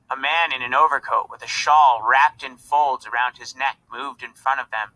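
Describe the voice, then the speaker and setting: Bright-voiced man reading a storybook. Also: mid-range voice, steady tone, normal speed, hardly any pauses, low-quality recording. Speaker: reader. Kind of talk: storybook read-aloud.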